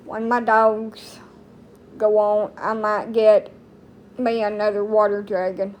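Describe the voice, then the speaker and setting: Slow-talking blunt woman, casual rambling chat. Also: mid-range voice, little pitch movement, muffled recording, slight background noise. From United States. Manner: blunt, rambling, folksy slang. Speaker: TikTok streamer.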